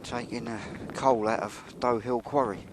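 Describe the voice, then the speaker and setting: A man's voice: mid-range voice, steady tone, normal speed. A man vlogging on a walk by a railway yard, chatty and wry, sometimes dropping to a mutter. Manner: chatty, wry, drops to a mutter when sneaking. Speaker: vlogger walking and filming. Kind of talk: casual walking commentary. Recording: noisy outdoor recording.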